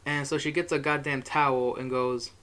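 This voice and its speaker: A man's voice: medium pitch, level tone, normal speed, fairly bright tone, clean tone. A young man telling a rambling, profane story in a casual monologue, chuckling as he goes.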